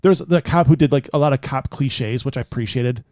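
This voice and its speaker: A man's voice: medium pitch, fast talker, darkish tone, dry recording, studio quality. A man co-hosting a podcast, teasing his friends in casual chat. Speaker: podcast co-host.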